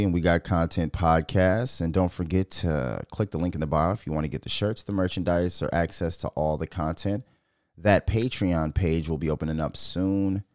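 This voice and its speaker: A man's voice: sits low, no echo, clean studio sound. Profane man ranting on his podcast. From Minnesota. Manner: profane, animated, riffing and ranting. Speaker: podcast host. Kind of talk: casual solo podcast rant.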